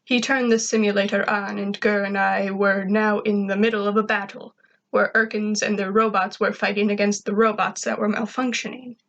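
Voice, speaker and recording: A woman reading fan fiction aloud in plain, even first-person narration. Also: mid-range voice, moderate pace, lo-fi sound. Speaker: reader.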